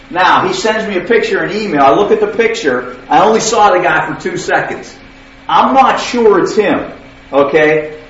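A man's voice: high voice, fairly bright tone, a little hiss or hum. A man preaching in a conversational storytelling way, often checking in with "okay?". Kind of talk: sermon storytelling. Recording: distant, echoey, dull hall recording.

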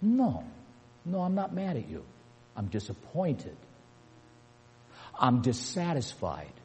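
Older husky-voiced male preacher, reverberant hall. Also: mid-range voice, wildly swooping pitch, slow pace, mellow. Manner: emphatic, repeating key words, rising to punchy peaks. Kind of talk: sermon.

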